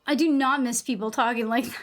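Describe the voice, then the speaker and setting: High-voiced rambling New England woman streamer. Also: steady tone, fast, a bit bright. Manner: rambling, fills speech with "like", swears casually. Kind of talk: casual chat while gaming on a live stream.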